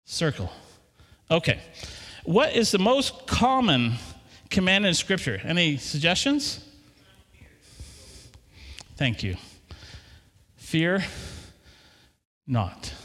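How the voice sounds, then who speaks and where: Lively, bright-voiced pastor preaching in a hall. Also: male voice, fairly high pitch, slow, long pauses. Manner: animated, talks to the congregation with questions. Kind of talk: sermon. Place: church hall. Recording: long hall reverb.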